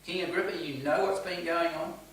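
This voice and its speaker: A man's voice: on the high side, fairly even intonation, a little fast, a bit bright, a little hiss or hum. A man leading a home church Bible study, earnest and questioning the group as he teaches. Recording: echoey room, distant mic, faint ambience.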